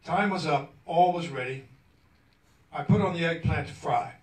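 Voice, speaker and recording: A man's voice: fairly high pitch, normal speed. A man from Arkansas reading his own story aloud to an audience, wry and chuckling as he goes. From Arkansas, USA. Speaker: guest speaker. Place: event hall at a cultural center. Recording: roomy hall, mic at a distance.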